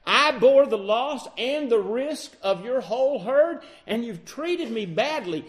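A man's voice: high voice, big pitch swings, measured pace. A man voicing a weary shepherd who complains of being treated badly, in a spoken Bible story. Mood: aggrieved. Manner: complaining, defensive. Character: wronged, weary male shepherd, son-in-law.

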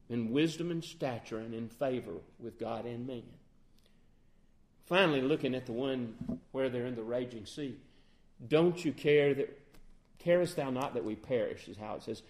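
Earnest preaching man, fairly high voice. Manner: earnest preaching that rises in force toward the close, with many scripture quotes. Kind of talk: sermon.

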